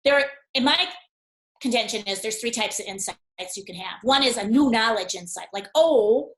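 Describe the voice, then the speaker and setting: A woman guest on a webinar, explaining ideas through an animated story and acting out the dialogue as she goes. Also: on the high side, brisk, reverberant, rough recording. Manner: animated storyteller who acts out dialogue, with frequent laughs.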